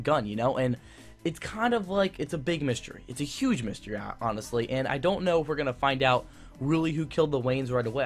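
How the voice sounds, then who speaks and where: A young man giving a casual, enthusiastic TV review that rambles, with many fillers and restarts. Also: mid-range voice. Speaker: YouTube TV reviewer.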